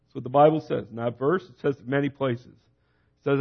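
A man's voice: mid-range voice, fairly even intonation, moderate pace, vocal fry, muffled recording. A man preaching a sermon, urging listeners with short, repeated exhortations. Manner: urgent, repetitive exhortations.

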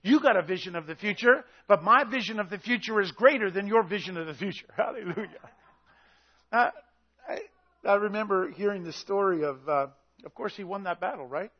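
A man preaching an intense, shouted sermon who acts out the voices in his story. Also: high-pitched, a little fast, husky, lo-fi sound. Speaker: pastor.

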